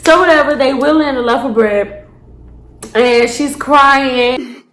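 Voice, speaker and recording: A young woman casually telling a story to her viewers, animated and blunt, with profane slangy asides. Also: sits high, takes it slowly, echoey room, noisy background. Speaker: storytime vlogger. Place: indoors, seated on a chair.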